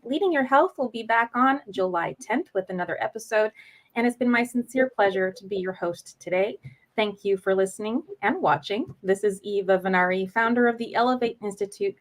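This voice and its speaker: A woman's voice: medium pitch, brisk. A woman hosting an interview show, who talks with enthusiasm and laughs often. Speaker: show host. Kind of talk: interview conversation.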